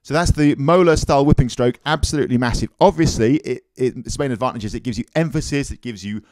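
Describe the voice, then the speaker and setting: Drum teacher, male, mid-pitched, coaching tone, counts beats aloud. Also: fast talker, darkish tone. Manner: counts beats aloud while explaining technique. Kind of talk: instructional demonstration.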